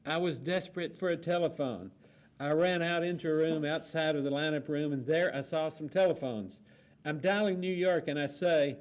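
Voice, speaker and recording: A man moderating a panel, reading an account aloud in a steady, plainspoken way with frequent fillers. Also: on the high side, moderate pace.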